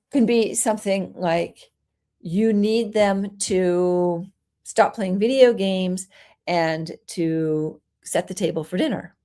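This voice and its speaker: Woman, parenting coach, gentle and explanatory, mid pitch. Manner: gentle, explanatory, acts out soothing parent lines. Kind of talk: solo coaching talk.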